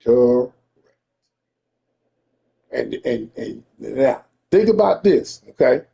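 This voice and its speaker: A man's voice: medium pitch, big pitch swings, slow, creaky, warm tone. A man telling a story in a casual, profane rant to a friend, emphatic and repeating himself.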